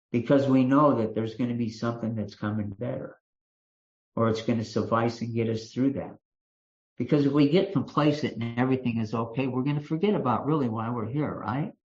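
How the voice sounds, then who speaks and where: A man's voice: mid-range voice, darkish tone. An older man from Kentucky with a Kentucky accent, speaking as a speaker at a recovery meeting and telling a folksy personal story with restarts and fillers. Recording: dull lo-fi meeting recording.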